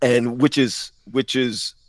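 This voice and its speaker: A man telling a personal story on a podcast panel, often halting and repeating words as he speaks. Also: mid-range voice, steady tone, dry recording, studio quality. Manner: halting, repeats words while searching for them. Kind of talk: personal testimony in casual chat.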